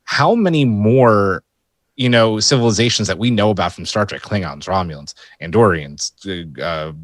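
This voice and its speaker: A man's voice: on the low side, normal speed, no echo. A man co-hosting a podcast, chatting casually and rambling through his thoughts. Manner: rambling, restarts mid-thought. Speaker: podcast co-host. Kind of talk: casual review chat.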